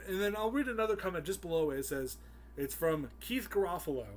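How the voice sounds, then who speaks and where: A man's voice: high-pitched, animated, fast, slight background noise. A man giving an angry, profane rant in a video commentary, swearing constantly.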